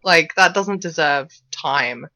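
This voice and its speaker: A woman's voice: deep voice, slow, sharp tone, no room sound. A woman co-hosting a podcast, giving blunt opinions in casual talk about films. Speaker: podcast co-host.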